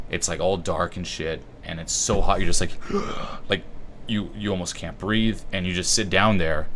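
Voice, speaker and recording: A man's voice: deep voice, a little hiss or hum. A man whose first language is French talks casually about self-help, loosely and with lots of swearing. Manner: loose and profane, with a slight halting quality. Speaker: YouTube host.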